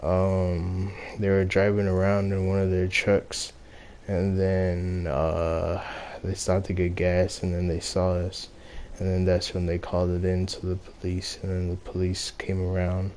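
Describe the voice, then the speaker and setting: Slow, low-voiced young man rambling. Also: monotone, darkish tone, slight background noise. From Los Angeles. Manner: rambling, heavy on fillers and profanity. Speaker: storyteller. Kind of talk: casual spoken storytelling.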